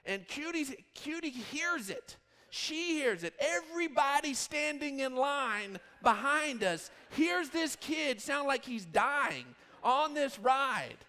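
A man in his thirties, a pastor telling a rambling, animated story in a sermon. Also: extremely high pitch, slow pace, big-room sound. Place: church hall.

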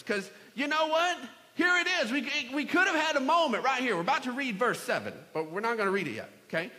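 A man preaching a sermon in a church, acting out the scripture scenes with shouts and playful voices. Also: very high-pitched, sing-song, quick pace, few pauses, big-room sound. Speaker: pastor. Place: large church hall.

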